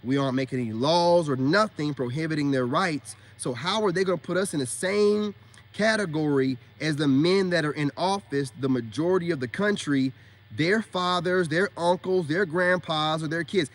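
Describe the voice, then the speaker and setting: A man's voice: a little high, normal speed. A man in a ranting monologue to his viewers, blunt and scolding as he makes his points. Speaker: online commentator.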